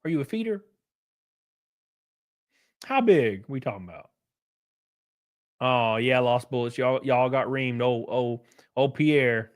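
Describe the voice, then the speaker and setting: A man hosting a livestream, answering chat messages in a brash, profane, animated way. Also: medium pitch, takes it slowly, long pauses. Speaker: livestream host reading chat.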